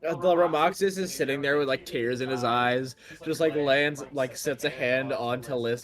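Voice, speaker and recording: A man playing a tabletop game, relaxed and joking with friends. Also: medium pitch, normal speed, hardly any pauses, a crowd in the background. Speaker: player. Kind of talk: casual tabletop game chat.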